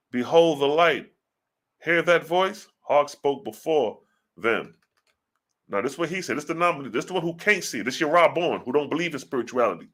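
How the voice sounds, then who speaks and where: A man, reading scripture verses slowly and then commenting on them in fast, blunt street slang, as a teacher. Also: mid-range voice, fairly bright tone.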